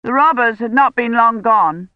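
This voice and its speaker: A woman's voice: a little high, moderate pace, no echo, narrow, tinny audio, pitched above the performer's own voice, close to an everyday voice. A woman voicing a boastful young male knight who tells his tale in a grand, declaiming tone.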